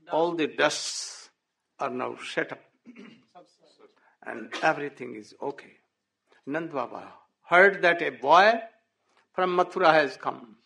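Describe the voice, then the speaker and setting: A man telling a devotional story in halting English, punctuated by frequent "oh" and "hmm?". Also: on the high side, creaky, fairly bright tone. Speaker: religious storyteller.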